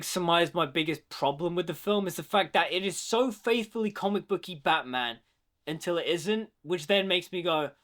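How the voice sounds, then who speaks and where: A man with a fairly high voice talks through a movie in a casual commentary. He is opinionated and chatty, and he scatters "like" throughout his sentences as he makes his points. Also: a bit bright. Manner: opinionated, chatty, many "like" fillers.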